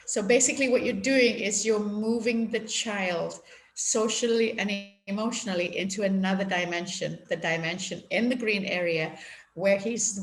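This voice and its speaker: Gentle woman giving parenting advice. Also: medium pitch. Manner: gentle, explanatory, acts out parent quotes. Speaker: parenting expert guest. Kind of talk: conversational advice on video call. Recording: echoey room with faint noise.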